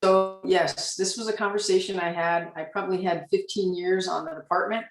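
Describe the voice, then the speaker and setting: A woman in her forties, a police officer on a discussion panel, telling a candid story from her career in a reflective way with frequent pauses. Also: fairly low pitch, steady tone, roomy sound, far from the mic, faint music behind, low-quality recording.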